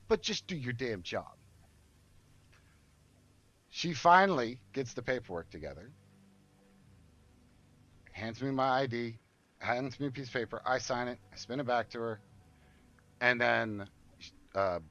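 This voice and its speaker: A man's voice: medium pitch, lively intonation, unhurried, long pauses, a bit bright, dry recording. A man streaming a game who tells a story in a casual, profane and indignant way, with heated outbursts. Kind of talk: casual storytelling while gaming. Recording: muffled lo-fi audio.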